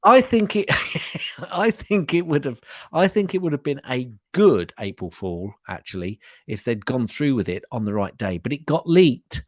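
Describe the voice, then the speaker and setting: A man co-hosts a podcast in loose, casual chat. His voice rises and falls in a lively way, and he often repeats words as he rambles. The sound is dry and close. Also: medium pitch, normal speed, no room sound. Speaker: podcast co-host.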